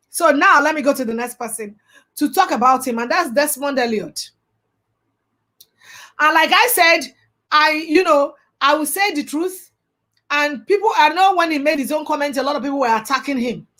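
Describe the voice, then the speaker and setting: A young woman with a Nigerian accent and a high-pitched voice delivers an impassioned commentary monologue. She talks in a preachy, fervent way and mixes pidgin phrases into her English. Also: expressive, moderate pace, a bit bright. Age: young adult. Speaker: vlogger.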